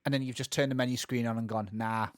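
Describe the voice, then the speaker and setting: A man's voice: medium pitch, fairly even intonation, rapid-fire, no room sound, clean studio sound. A man co-hosting a gaming podcast, talking casually and rambling with lots of restarts and asides. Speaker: podcast co-host. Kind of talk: casual chat.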